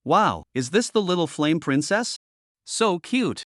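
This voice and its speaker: A man's voice: a little high, sing-song, normal speed, no echo. Bold playful young woman pestering her housemate, voiced by a man, slightly raised voice, dry close sound.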